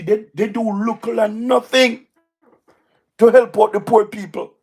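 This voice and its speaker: A man with a Jamaican accent giving emphatic, repetitive political commentary on a livestream, his voice going hoarse. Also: high-pitched, fairly even intonation, unhurried, a little mellow. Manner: repetitive, emphatic, speaks in patois. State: hoarse, voice wearing out. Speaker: livestream host. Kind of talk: live-stream political commentary.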